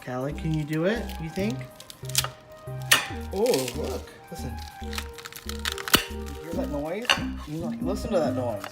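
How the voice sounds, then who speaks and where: A middle-aged man casually vlogging as he cooks in a home kitchen and gently coaches his young daughter with a knife, chatty and jokey. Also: fairly high pitch, animated, slow pace, pauses often. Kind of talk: casual cooking ASMR vlog. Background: music and kitchen clatter of knives and pots.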